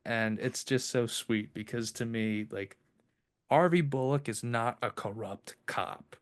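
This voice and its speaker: A man's voice: medium pitch, unhurried. A man hosting a podcast in casual chat, rambling and filling with "like" and "uh". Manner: rambling, filler-heavy. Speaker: podcast host.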